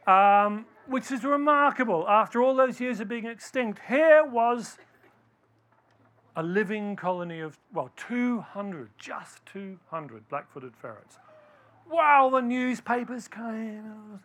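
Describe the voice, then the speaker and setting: A man's voice: high voice, expressive, slow, a bit bright. A man giving a storytelling talk to a live audience, quizzing listeners with questions as he tells the story.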